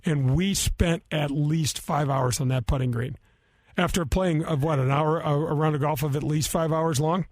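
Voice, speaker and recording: A man's voice: on the high side, fairly even intonation, moderate pace, dry recording, clean studio sound. A man in his sixties hosting a golf radio show, telling self-mocking stories in a rambling, chatty way. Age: 60s. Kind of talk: casual radio chat.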